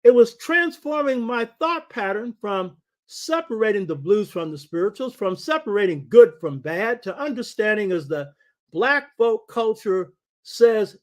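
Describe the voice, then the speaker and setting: An older man with a notably high voice gives a lecture-style talk as host of his show. He speaks in a rolling preaching cadence and keeps checking in with his listeners for agreement. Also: expressive, unhurried.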